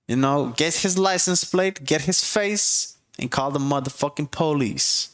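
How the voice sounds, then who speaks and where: Speaking in a slightly high, fairly bright voice, a host delivers blunt, profane dating advice as a casual comedic rant. He keeps punctuating his points with "okay?"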